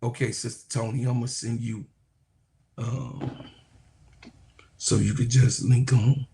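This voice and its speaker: Reading comments from chat on his sports live stream, this man speaks in an unhurried, level, gravelly tone. His delivery is preacherly, with repeated phrases for emphasis and shifts from quiet asides to loud, high-pitched proclaiming.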